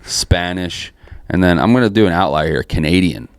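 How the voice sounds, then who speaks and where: Deep-voiced crude South Jersey man. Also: expressive, normal speed, no room sound, studio quality. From New Jersey. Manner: crude, laughing, loose and offhand. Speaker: podcast co-host. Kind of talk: casual podcast banter.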